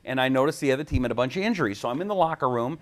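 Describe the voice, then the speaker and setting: A man, a radio talk host, telling stories from his career in a casual interview. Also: mid-range voice. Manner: rapid, animated anecdotes with quoted voices.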